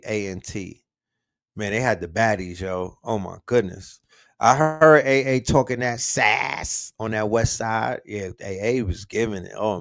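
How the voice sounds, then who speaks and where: A man hosting a casual livestream, talking in slang and shouting out the cities his viewers are watching from. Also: fairly low pitch, vocal fry, dry recording, clean studio sound. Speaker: livestream host.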